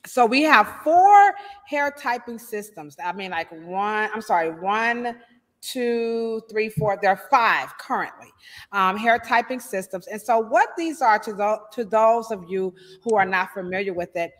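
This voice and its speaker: A woman hairstylist, hosting a casual live stream with animated shout-outs and playful asides. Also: mid-range voice, a little slow, long reverb tail.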